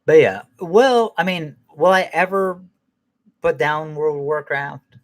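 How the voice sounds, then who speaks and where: A man's voice: fairly high pitch, animated, takes it slowly. A man hosting a podcast who rambles through an angry, profane rant and laughs at himself now and then. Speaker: podcast host.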